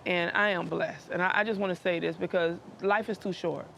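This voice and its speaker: A woman's voice: lowish voice, fairly even intonation, brisk, creaky, fairly bright tone, slight background noise. A middle-aged woman speaking earnestly and emotionally to her adult son, repeating phrases the way a preacher does. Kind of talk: heartfelt conversation.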